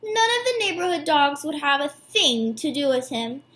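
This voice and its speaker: A woman teacher reading a picture book aloud to her students, warm and animated. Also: sits high, moderate pace. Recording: echoey room.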